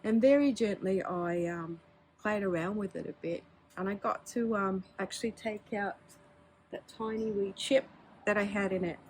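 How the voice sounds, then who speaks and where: A woman's voice: mid-range voice, moderate pace, a little mellow, a little hiss or hum. A woman, chatting casually and candidly as she shows her pens, with filler words and small laughs. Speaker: pen hobby vlogger. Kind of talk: casual show-and-tell.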